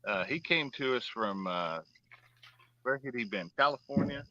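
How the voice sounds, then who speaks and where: A man's voice: medium pitch, expressive, normal speed, bright, forceful tone, no echo, dull audio. A man hosting a fishing show, chatting casually and rambling through long stories with lots of fillers. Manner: rambling storyteller, drawling, many fillers. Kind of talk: casual chat while fishing.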